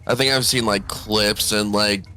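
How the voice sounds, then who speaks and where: A man's voice: lowish voice, fairly even intonation, a little slow, bright, forceful tone, smooth, soft background music. A man chatting casually with a streamer on a voice call, laid-back and joking. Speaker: friend on a voice call. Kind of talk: casual chat.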